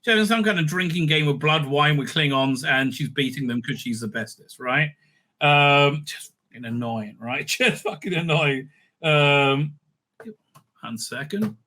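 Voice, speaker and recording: A man's voice: on the high side, unhurried, pushed and bright. A man hosting a casual, sarcastic review rant, swearing often and stumbling over fillers. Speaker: reviewer, channel host.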